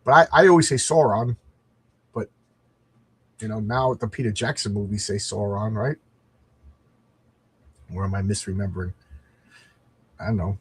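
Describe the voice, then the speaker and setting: A man's voice: fairly low pitch, moderate pace, pauses often, a little hiss or hum. A middle-aged man hosting a comics livestream, chatting casually and enthusiastically with frequent restarts.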